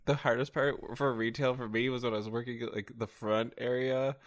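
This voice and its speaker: A man's voice: medium pitch, little pitch movement, a little fast. A man in casual chat, telling jokey stories and acting out quotes.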